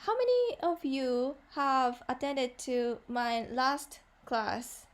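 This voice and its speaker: A woman with a Japanese accent teaches a beginner class, her voice sitting a little high. She explains slowly and patiently, filling pauses with "uh" and repeating each example sentence. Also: lively intonation. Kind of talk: online language lesson.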